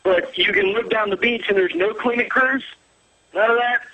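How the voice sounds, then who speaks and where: A man's voice: sits high, moderate pace, lo-fi sound. A man calling into a radio show, speaking casually and rambling a little. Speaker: caller. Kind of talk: phone call-in.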